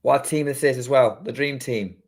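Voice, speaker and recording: A British man co-hosting a casual tennis watchalong, calling the rallies live and chatting between points. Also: medium pitch. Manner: running play-by-play, quickens during rallies. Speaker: podcast co-host doing live commentary.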